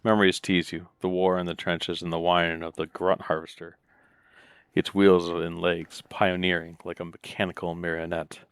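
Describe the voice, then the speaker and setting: A man casually reading game text and muttering asides as he plays. Deep, smooth voice on a close mic with a dry, flat sound. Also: normal speed, dry recording. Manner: laid-back, muttering asides between reading. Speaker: let's play gamer.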